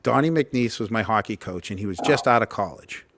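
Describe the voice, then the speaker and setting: A man's voice: on the low side, lively intonation, brisk, noisy background. A man hosting a podcast in casual chat, telling rambling stories and laughing often. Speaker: podcast host.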